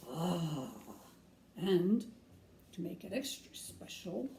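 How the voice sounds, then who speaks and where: A woman with a warm, mid-range voice and some vocal fry leads a kids' craft activity in character as a playful pirate. She tells corny jokes and gives step-by-step guidance. The room sounds echoey, recorded by a distant mic with faint noise.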